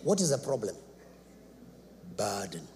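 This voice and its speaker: Dramatic preacher with gravelly voice. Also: male voice, sing-song, normal speed. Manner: dramatic, swings from loud shouts to low asides. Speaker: apostle preaching. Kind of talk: sermon. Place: church sanctuary. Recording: reverberant church hall, faint background noise.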